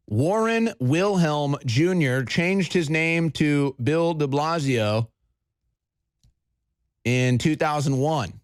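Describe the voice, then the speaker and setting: A man hosting a talk show, ranting angrily, shouting at times and mocking his opponents. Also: fairly high pitch, expressive, slow pace, clean tone, dry recording, clean studio sound. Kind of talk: heated political talk radio rant.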